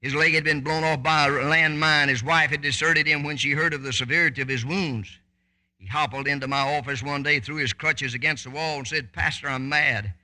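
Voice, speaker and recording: A man preaching a sermon, fervent, with sudden loud high bursts and quick asides. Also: fairly even intonation.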